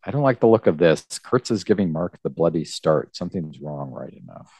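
A man reading aloud the lines of a suspicious male mercenary, in his own low voice. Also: animated, fairly quick, mellow, breathy edge, exaggerated voice. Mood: uneasy. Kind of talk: reading comic dialogue aloud.

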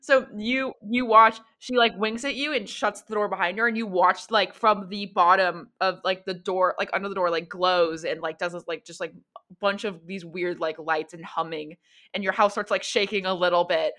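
Woman game master, bright tone, rambling casual narration of a tabletop session. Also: medium pitch, steady tone, moderate pace. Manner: loose, rambling narration full of fillers. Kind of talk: narrating a tabletop role-play.

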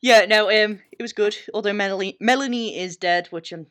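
An English woman co-hosting a casual podcast chat, joking and self-mocking in an animated way. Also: mid-range voice, fairly quick. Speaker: podcast co-host.

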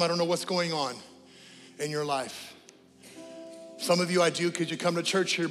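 A man preaching a sermon as pastor, telling lively stories and then leading a quiet prayer and altar call in a church. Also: fairly high pitch, in a large hall. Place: church sanctuary.

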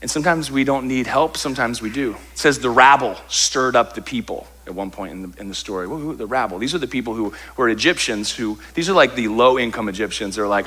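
A male pastor with a mid-range, slightly bright, husky voice preaches at a fairly quick pace. He tells a funny story about himself, acting out his own complaints, before turning to scripture.

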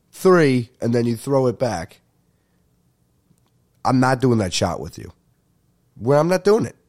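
A young man, telling a comic story as a podcast host in an animated, profane rant. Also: fairly low pitch. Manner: animated ranting with frequent profanity. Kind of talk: ranting comedic storytelling.

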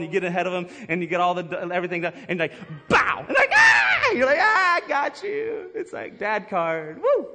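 A middle-aged man preaching a lively sermon, laughing often and acting out his stories. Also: high-pitched. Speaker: pastor. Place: church hall. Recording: live in a big echoey hall.

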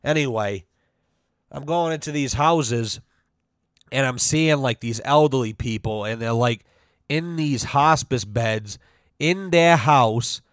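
Man, podcast host, dry close headset sound, mid pitch, swears constantly, rambles with lots of "you know". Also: no room sound. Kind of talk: casual storytelling monologue. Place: at home with his dog. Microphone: headset mic.

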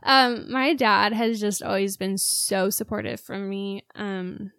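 A woman's voice: medium pitch, fairly even intonation, slow, fairly bright tone, smooth, no echo. Chatty woman podcast co-host, dry sound. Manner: chatty, gets emotional and laughs through tears. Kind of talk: casual podcast chat.

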